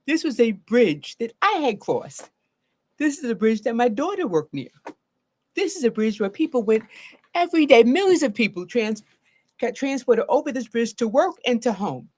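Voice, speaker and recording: A woman's voice: fairly high pitch, very animated, normal speed, a little mellow. A middle-aged woman therapist giving a live solo talk about trauma. She speaks earnestly and often checks in with "right?".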